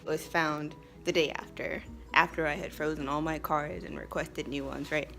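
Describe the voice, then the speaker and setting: A young American woman, a vlogger who teaches English abroad, tells her audience a story in a chatty, emphatic way, laughing often. Her voice is low for a woman, gravelly, and steady, at a moderate pace, with soft music faintly underneath.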